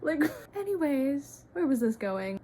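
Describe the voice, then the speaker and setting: A woman's voice: high-pitched, very animated, measured pace, mellow, a little hiss or hum. Rambling chatty young woman. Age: early 20s. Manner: frequent "like" fillers, playful tangents. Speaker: vlogger. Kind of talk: casual Q&A chat.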